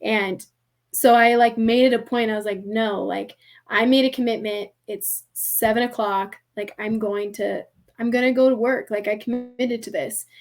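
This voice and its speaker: A young woman with a somewhat high voice recounts a personal story on a podcast. She talks casually and animatedly, peppering her sentences with "like" and slipping into the voices of people she quotes. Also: moderate pace, soft background music. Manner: animated, heavy use of "like", acts out quoted voices. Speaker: podcast guest.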